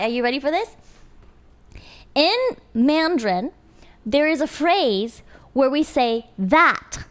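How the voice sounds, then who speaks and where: A young adult woman streamer in casual chat with her viewers, animated and giggly. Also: high-pitched. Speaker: live streamer.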